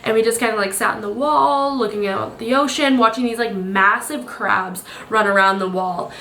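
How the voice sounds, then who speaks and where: Young female vlogger, casual storyteller, slightly high-pitched. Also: moderate pace, bright, forceful tone, slight background noise. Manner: chatty, rambling storytelling with quoted voices. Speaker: travel vlogger. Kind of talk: casual vlog narration.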